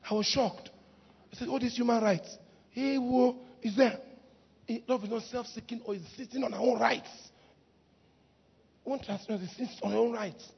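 A woman preaching a lively sermon in church, laughing often and breaking into shouts. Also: a little high, moderate pace, creaky, pauses often, breathy edge. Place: church hall. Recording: muffled recording in a reverberant hall.

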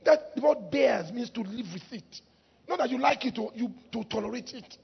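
A woman preaching a lively sermon in church, laughing often and breaking into shouts. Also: fairly high pitch, moderate pace, vocal fry, husky. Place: church hall. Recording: muffled recording in a reverberant hall.

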